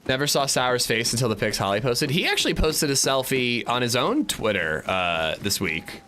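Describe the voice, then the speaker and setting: Male game streamer, casual chatter with viewers, lively pitch. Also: moderate pace, a little hiss or hum. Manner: chatty, reads and answers chat. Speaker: gaming livestreamer. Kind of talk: casual gameplay commentary.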